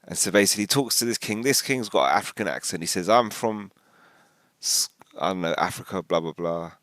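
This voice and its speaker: A man rambling casually through a commentary video, animated and full of restarts. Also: deep voice, a little fast, no room sound, studio quality.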